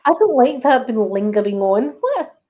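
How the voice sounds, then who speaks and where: A woman's voice: mid-range voice, normal speed. A middle-aged Scottish woman hosting a casual chat, telling a personal story and acting out the voices of the people in it. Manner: animated storyteller, acts out quoted voices. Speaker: channel host. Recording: slightly dull lo-fi recording.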